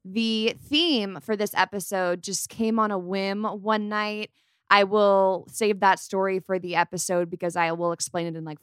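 A young woman in her twenties hosts a casual podcast, talking in a chatty, upbeat way with a light valley-girl lilt. Her voice sits at an ordinary pitch for a woman. It is recorded close and dry, with no room sound. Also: fairly bright tone, smooth, dry recording. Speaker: podcast host.

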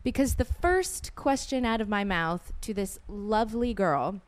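A woman co-hosting a podcast who tells a travel story in lively casual chat, laughing and acting out the voices of people she quotes. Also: mid-range voice, a little slow. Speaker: podcast co-host.

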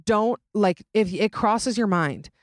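A woman's voice: medium pitch, takes it slowly, no echo, clean studio sound. A young adult woman hosting a podcast, chatting casually and dramatically, often laughing. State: pregnant. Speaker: podcast host. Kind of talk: casual chat.

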